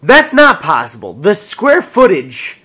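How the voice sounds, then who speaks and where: A man's voice: high-pitched, huge pitch swings, unhurried, sharp tone, husky. A young man and co-host vlogger, scolding his friend in exasperation and swearing often. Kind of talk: casual vlog banter.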